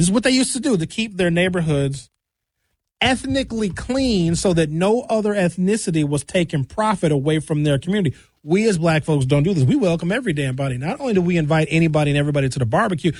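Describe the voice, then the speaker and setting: A man's voice: a little high, lively intonation, a little fast, darkish tone, no room sound, studio quality. A man delivering a ranting monologue as a commentator, emphatic, sarcastic and preachy.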